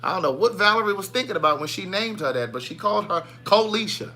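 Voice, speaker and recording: A man with a high-sitting voice talks quickly as he hosts a laid-back live stream. He calls out viewers by name in animated shout-outs, playful and sassy.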